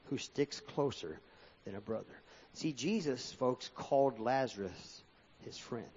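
A man with a mid-range voice that's a little mellow and husky preaches a sermon at a measured pace with lively intonation. His sing-song cadence swings up and down as he reads scripture aloud in a church hall, captured in dull lo-fi sound with long hall reverb.

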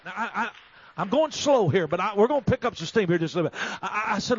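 A man preaching a revival sermon in a fervent, storytelling way that builds to emphatic shouting. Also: sits high, lively intonation, quick pace, husky, no room sound. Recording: slightly dull recording.

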